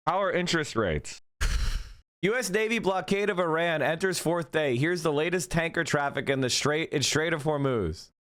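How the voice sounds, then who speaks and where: Male streamer, live commentary, sarcastic, swears, lively swinging pitch, fairly high voice. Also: clear, resonant tone. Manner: animated, sarcastic, swears freely. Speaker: political streamer.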